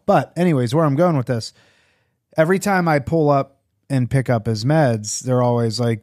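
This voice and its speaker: A man's voice: medium pitch, moderate pace, a little mellow, no echo, clean studio sound. A man co-hosting a recovery podcast, talking candidly in a rambling way with lots of fillers. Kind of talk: casual conversation.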